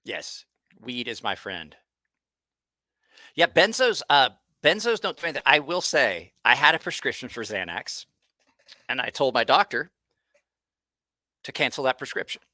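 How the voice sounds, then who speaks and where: Bright-voiced man telling profane stories. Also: mid-range voice, big pitch swings, unhurried, pauses often, no room sound. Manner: rambling, profane, frequent restarts. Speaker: host. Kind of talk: casual livestream storytelling.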